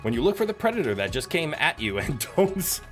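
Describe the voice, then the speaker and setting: A man's voice: on the high side, quick pace, faint music behind. A man casually streaming a survival game, joking, swearing and chatting with viewers. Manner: animated and joking, swears, talks to chat and his pet.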